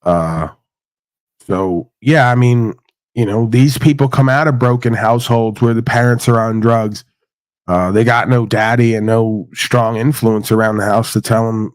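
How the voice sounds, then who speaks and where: A man's voice: lowish voice, measured pace, no echo. A man hosting a casual livestream chat, talking bluntly and profanely about his past and laughing often. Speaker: host.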